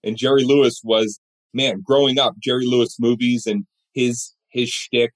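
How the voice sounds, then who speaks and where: Middle-aged guy telling stories in an interview, lively, does the voices of people in his stories. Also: medium pitch, normal speed. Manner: animated storyteller who acts out other people's voices. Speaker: guest. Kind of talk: storytelling interview chat.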